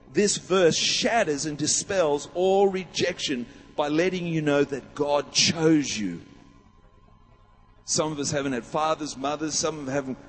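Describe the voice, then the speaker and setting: A man preaching a sermon, emphatic and rousing, with many rhetorical questions. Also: fairly high pitch. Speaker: pastor. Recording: long hall reverb.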